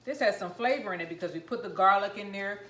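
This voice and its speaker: A woman vlogging about home cooking, chatting excitedly and rambling while she tastes and eats her food. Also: medium pitch, fast, roomy sound. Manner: talking while eating, mouth full. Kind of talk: casual cooking vlog, tasting on camera.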